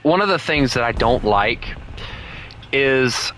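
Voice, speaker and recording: A man's voice: mid-range voice, animated, slow pace, a bit bright, slight background noise, low-quality recording. A man with a Southern US accent, streaming a game and chatting casually in a rambling, opinionated and blunt way. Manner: blunt, heated rants. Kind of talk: casual live-stream chat.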